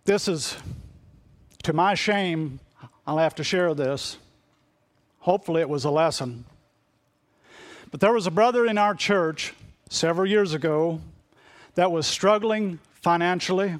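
Middle-aged male preacher, somewhat high voice, earnest and confessional, repeats himself as he goes. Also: a little slow, pauses often. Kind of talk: sermon.

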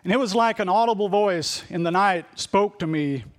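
A middle-aged man preaching, his voice sitting a little higher than most men's. He speaks earnestly and shares a personal confession, circling back over phrases as he searches for the words. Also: normal speed. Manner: earnest, confessional, repeats himself as he reaches for words. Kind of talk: sermon.

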